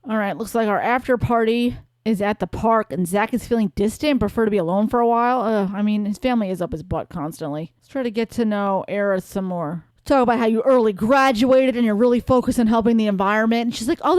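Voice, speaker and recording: A woman's voice: a little high, no echo. A woman hosting a life-sim let's play, chatting casually with a wry, playful manner. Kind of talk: casual gameplay commentary.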